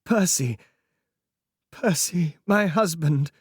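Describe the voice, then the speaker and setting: A man's voice: on the high side, animated, slow, husky, no room sound, clean studio sound, voice pushed up, exaggerated voice. A man voicing a desperate young noblewoman who cries out hysterically for her husband. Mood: gasping joy. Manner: shrieking, hysterical.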